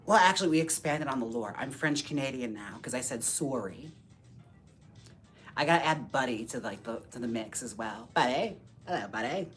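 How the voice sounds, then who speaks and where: A man hosting a casual live stream while styling dolls, talking to viewers by name in a campy, sassy way with quick jokes and frequent laughs. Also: mid-range voice, expressive, fairly bright tone, soft background music. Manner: talks to viewers by name, reads chat aloud.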